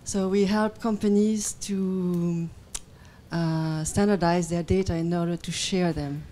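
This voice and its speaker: A woman speaking from the audience at a conference, careful and halting. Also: lowish voice, fairly even intonation, dark tone. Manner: careful, halting, many fillers. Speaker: audience member. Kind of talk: asking a question at a conference. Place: conference hall.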